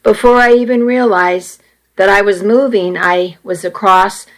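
A woman narrating a first-person story in an audiobook, measured and earnest. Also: mid-range voice, fairly even intonation, low-quality recording.

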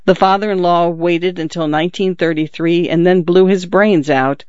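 A man reads a literary short story aloud with measured, even delivery. His voice sits slightly high for a man. The recording is dry, close and a little muffled. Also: no echo. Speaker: narrator. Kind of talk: audiobook narration of a literary story.

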